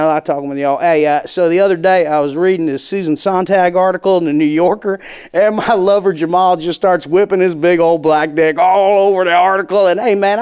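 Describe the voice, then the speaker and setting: A man voicing a hammy young Southern good-ol'-boy stand-up comic with a put-on Southern accent, talking high and shouting. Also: clean tone, lightly acted. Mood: brash. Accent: put-on American Southern.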